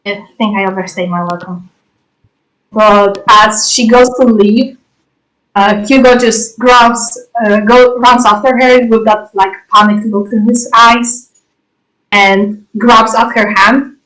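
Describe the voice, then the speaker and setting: A woman narrating a role-play scene as game master, casual and halting. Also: a little high, fairly even intonation, fairly bright tone, low-quality recording.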